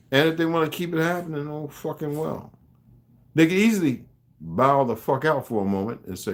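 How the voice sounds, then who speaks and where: A man with a fairly high voice, talking a little fast, delivers an unscripted livestream rant to his viewers. He rambles, swears emphatically, and greets chat viewers by name.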